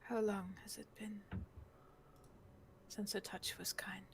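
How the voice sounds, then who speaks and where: A woman voicing a gentle, tender heroine who comforts a frightened girl, in whispered role-play with a soft, unvoiced whisper. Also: medium pitch, flat delivery, takes it slowly, creaky, background noise. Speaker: player.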